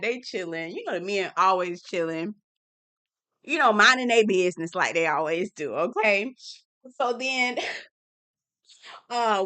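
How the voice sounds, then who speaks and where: Sassy bright-voiced woman recapping TV. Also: medium pitch. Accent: Southern US. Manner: sassy, dramatic, laughs often, talks to viewers. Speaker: reality TV recap host.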